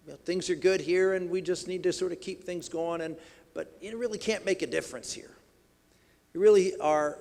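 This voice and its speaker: A middle-aged man gives a folksy, rambling speech at a banquet, full of restarts and fillers. His voice is gravelly and a little high for a man. The sound carries a long hall reverb. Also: a little mellow. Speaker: politician giving a banquet address.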